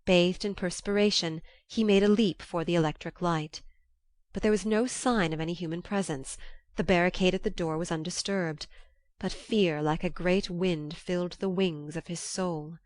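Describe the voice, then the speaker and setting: A woman narrating a classic novel as an audiobook in a measured, even storytelling manner, close to the mic. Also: fairly low pitch, no room sound.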